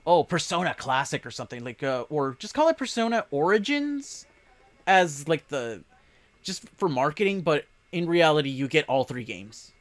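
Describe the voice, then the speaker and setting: A man hosting a casual podcast chat, rambling with frequent laughs. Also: fairly high pitch.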